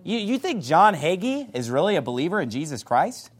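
A man's voice: on the high side, sing-song, fairly quick, breathy edge. A man preaching a sermon as a pastor, fiery and emphatic, reading scripture aloud in old-fashioned wording.

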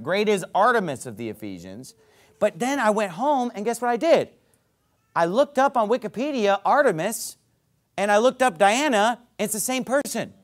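Animated male preacher. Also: high-pitched. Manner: emphatic, conversational teaching with frequent "okay?" and "right?". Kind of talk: sermon.

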